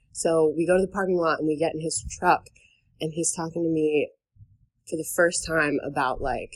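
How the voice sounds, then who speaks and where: A woman's voice: sits low, darkish tone. Chatty young woman from New Hampshire. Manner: chatty, many fillers and "like", laughs between sentences. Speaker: guest telling a dating story. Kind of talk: casual podcast chat.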